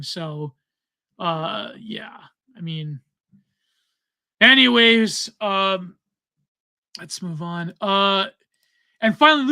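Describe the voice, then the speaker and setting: Rambling man with a bright voice. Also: sits high, no room sound. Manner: rambling, filler-heavy, trailing off. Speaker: podcast host reading donations. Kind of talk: casual chat.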